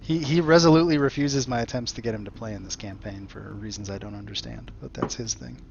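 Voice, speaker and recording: A man's voice: on the low side, fast talker, vocal fry, highs cut off, noisy background. A man running a tabletop game as dungeon master, narrating casually with hesitant fillers.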